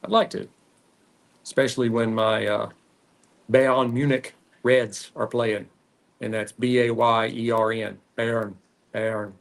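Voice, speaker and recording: A man with a Texan accent hosting a cigar podcast, rambling casually with frequent pauses while he smokes. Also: mid-range voice, steady tone, creaky. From Texas. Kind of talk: casual solo chat while smoking.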